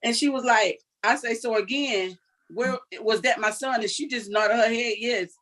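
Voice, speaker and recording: An older woman speaks with a fairly high voice. She recounts events earnestly and vividly, acting out what others said. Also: normal speed, fairly bright tone, poor audio. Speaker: interview guest. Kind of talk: emotional personal account.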